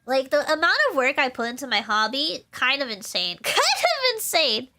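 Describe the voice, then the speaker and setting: A young woman VTuber chatting on a live stream, rambling without pausing and laughing often. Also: high-pitched, pushed and bright, a little hiss or hum. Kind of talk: casual live-stream chat.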